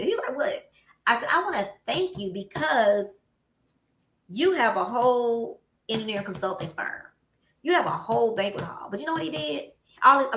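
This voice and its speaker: Southern lady hosting a chat, tells it big and acts out the quotes, bright voice, roomy echo. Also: a little high. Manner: animated storytelling, acts out quotes. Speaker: host. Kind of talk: casual chat. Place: office room. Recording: echoey room.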